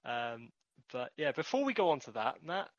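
A man's voice: medium pitch, big pitch swings, moderate pace, no echo. A man co-hosting a casual podcast, teasing and laughing through the banter. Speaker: podcast co-host. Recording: dull, dry lo-fi mic.

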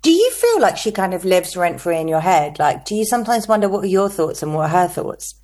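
A woman's voice: on the low side, big pitch swings, fairly quick, a little mellow. A woman interviewer asking an author questions with enthusiasm.

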